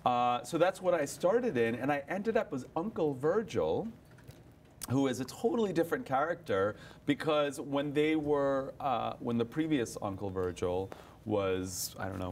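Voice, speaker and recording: A young man, an actor, chatting in an interview about his stage roles, animated, often laughing and restarting his sentences. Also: on the low side, slight background noise. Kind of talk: casual interview chat.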